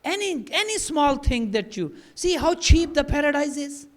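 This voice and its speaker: A man's voice: extremely high pitch, sing-song, moderate pace. A man preaching an impassioned mourning sermon, telling stories and building to fervent, grief-laden emphasis. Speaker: maulana preaching at a mourning gathering.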